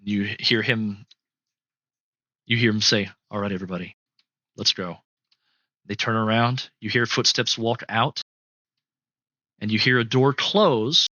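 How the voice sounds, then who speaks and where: A man running a tabletop game as game master, telling the scene in a halting way with lots of fillers. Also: fairly low pitch, fairly even intonation, bright, forceful tone, dry recording, highs cut off. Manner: halting, filler-heavy storytelling.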